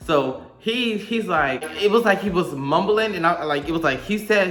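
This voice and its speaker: A man's voice: fairly high pitch, lively intonation, fairly quick, few pauses, bright, forceful tone, roomy sound. A young man, telling a profane, dramatic storytime monologue to camera and acting out his own quotes. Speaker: storytime vlogger.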